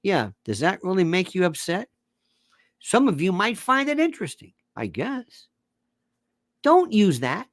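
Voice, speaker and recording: A political commentator launches into an animated, sarcastic rant, his lively voice swooping from shouts to low mutters. He mocks others with quick put-on voices. The sound is close-miked and dry, with no room sound.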